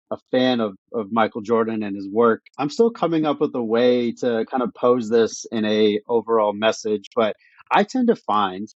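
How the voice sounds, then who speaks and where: Podcast host with a dry, muffled sound. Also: male voice, medium pitch, no echo. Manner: relaxed, thoughtful, winding questions. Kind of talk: interview questions.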